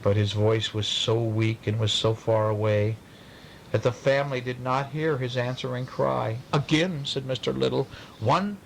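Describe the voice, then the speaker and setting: A man reading a bedtime story aloud to a child, pausing to ask questions in a playful way. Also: medium pitch, gravelly, a little hiss or hum, low-quality recording.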